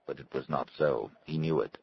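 A man narrating a story in a measured, scripted reading style. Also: extremely low pitch, gravelly, slightly rough, muffled recording. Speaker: audiobook narrator.

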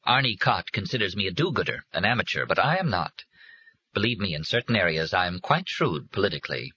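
A man reading aloud, voicing a firm, politically shrewd middle-aged mother who speaks coldly and deliberately. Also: low voice, big pitch swings, pushed and bright, breathy edge, no echo, lo-fi sound, exaggerated voice. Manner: firm and cold, then quavering.

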